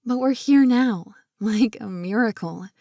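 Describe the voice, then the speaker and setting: Lady doing a quirky girl in love, teasing, a bit gravelly, romance audiobook. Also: a little high, a little slow, dark tone, dry recording, clean studio sound. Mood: heartfelt. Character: adoring young woman, quirky and teasing.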